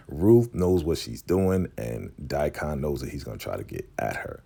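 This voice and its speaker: A man's voice: extremely low pitch, expressive, normal speed, creaky, few pauses, mellow. A man casually recapping a TV episode, talking animatedly and acting out the characters' lines. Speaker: show recap host.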